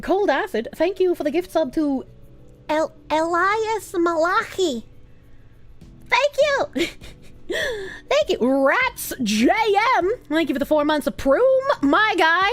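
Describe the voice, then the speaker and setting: Woman streamer, high bouncy voice, giggly, crude loud outbursts, faint background music. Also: expressive, slow pace. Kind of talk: casual live-stream chat reading donations.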